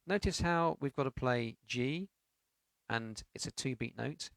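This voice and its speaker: A man's voice: medium pitch, measured pace, creaky, fairly bright tone, no echo. A man teaching a beginners' piano lesson, explaining notes patiently and counting beats aloud with sung syllables. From United Kingdom.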